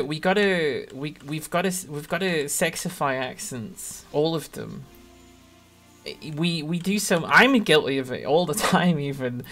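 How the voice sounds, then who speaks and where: A game streamer with a Northern English accent from around Sheffield, chatting casually and rambling, often laughing mid-sentence and softening their own accent. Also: mid-range voice. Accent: Northern English, Sheffield area. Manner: trims own accent toward neutral. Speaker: game streamer reading chat. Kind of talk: casual live-stream chat.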